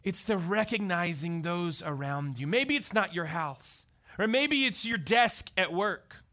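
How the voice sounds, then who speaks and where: A male pastor delivers a casual, story-driven sermon with a high, ringing voice. His pitch swings widely as he acts out little scenes, and he keeps pulling listeners in with quick asides. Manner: animated storytelling, often asks the crowd "right?". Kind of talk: conversational sermon.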